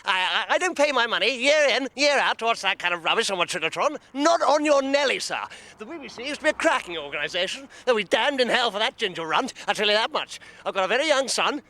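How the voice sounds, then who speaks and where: A man's voice: very high voice, animated, fast talker, bright, forceful tone, heavily acted. A comedian voicing a self-righteous, prudish male protester with an indignant, huffy manner. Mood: pompous. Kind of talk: sketch comedy.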